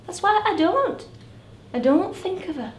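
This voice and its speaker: A woman's voice: very high-pitched, animated, slight background noise. A woman playing a lonely grown woman, a drunk, who keeps repeating herself in a stage monologue. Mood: wistful. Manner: halting, repeats her words. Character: lonely grown woman, a drunk, waiting for her late dad. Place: theatre stage. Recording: roomy theatre heard from a distance.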